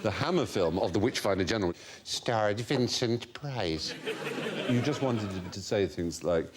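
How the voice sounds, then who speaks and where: A man's voice: fairly low pitch, expressive, measured pace, noisy background. A man hosting a quiz show who tells comic anecdotes in an erudite, playful way.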